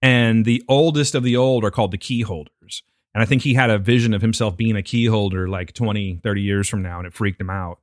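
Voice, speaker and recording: A man's voice: on the low side, a little fast, dry recording, clean studio sound. A man co-hosting a casual chat, joking and slipping into mocking impressions of other people. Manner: animated, puts on voices in mocking impressions. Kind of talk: casual banter.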